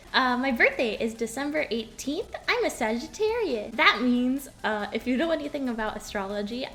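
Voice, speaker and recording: A woman's voice: on the high side, fairly bright tone. A woman VTuber chatting on a live stream in a bubbly, giggly, playful way, streaming from home. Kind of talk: casual live-stream chat.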